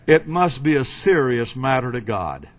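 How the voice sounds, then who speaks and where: A man preaching a sermon in a slow, emphatic way, with dramatic swings between loud and quiet. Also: medium pitch, very animated.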